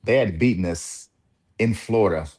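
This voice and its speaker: A man from Mississippi with a very low voice talks through his college basketball days as an interview guest. He is relaxed and reflective, leaning on fillers and small laughs. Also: moderate pace. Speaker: former college point guard, guest. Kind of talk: casual interview talk.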